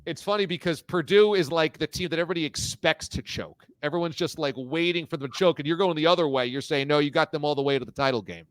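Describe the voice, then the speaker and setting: A man's voice: a little high, fast, hardly any pauses, dry recording. Upbeat sports talk show host, man. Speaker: radio and video show host.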